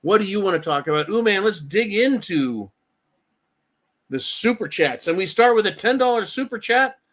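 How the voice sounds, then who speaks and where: An American man hosts a live talk stream, with a voice pitched a little above the usual male range. He talks bluntly, swears freely and keeps checking in with "right?". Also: lively intonation, moderate pace, a bit bright. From United States. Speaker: livestream host. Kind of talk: casual political commentary.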